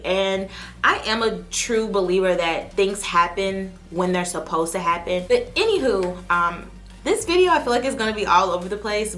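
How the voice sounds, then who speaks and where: A woman's voice: mid-range voice, fairly bright tone. A woman vlogger chatting to camera from her desk in a spontaneous, heartfelt way. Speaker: vlogger and aspiring actress. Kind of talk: casual chat to camera.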